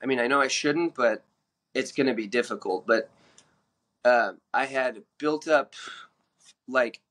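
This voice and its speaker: A man in the middle of his pitch range tells his own story on a podcast, with a bright, forward tone. He talks in a frank, plain-spoken way and stops to restart his sentences. The delivery stays candid and unpolished. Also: measured pace. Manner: frank, plain-spoken, many fillers and self-corrections. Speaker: podcast guest sharing recovery story.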